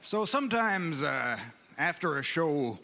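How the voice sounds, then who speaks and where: A man doing stand-up in a slow, deadpan, stoned-sounding delivery. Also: fairly high pitch, gravelly. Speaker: stand-up comic. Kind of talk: stand-up comedy. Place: comedy club stage. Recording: reverberant hall with room noise.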